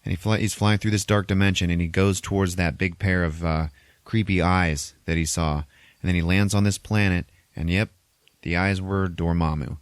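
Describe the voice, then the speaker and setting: Man, podcast host, low voice, casual movie recap, profane, laughs often, dry sound. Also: normal speed, clean tone, no echo. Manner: animated, swearing, laughing often.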